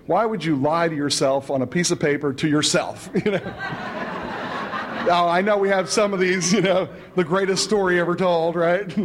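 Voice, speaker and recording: A man's voice: high-pitched, fairly even intonation, moderate pace, a little hiss or hum. A man telling his recovery story at a meeting in a chatty, humorous way, often adding "you know" and chuckling. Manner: chatty, fills with "you know" and "right", chuckles between lines.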